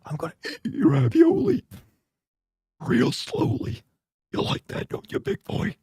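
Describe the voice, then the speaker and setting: A man voicing a creepy male whisperer in a slow, breathy whispered role-play. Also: very high-pitched, wildly swooping pitch, dark tone, no echo, clean studio sound, pitched above the performer's own voice, exaggerated voice. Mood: leering.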